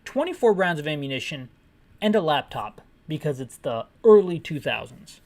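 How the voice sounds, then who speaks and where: Woman in a lowish register, sarcastic game commentator with bouncy, swooping intonation. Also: very animated, normal speed, darkish tone. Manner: sarcastic, rambling, self-correcting jokes. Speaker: game retrospective narrator and describer. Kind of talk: comedic game commentary with descriptive audio.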